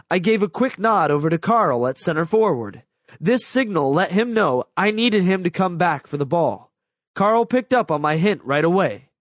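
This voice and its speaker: A man reads a first-person story as audiobook narration, with animated, expressive delivery. His voice is high and swings widely in pitch. The recording is dry with no room sound and somewhat dull in tone. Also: no room sound.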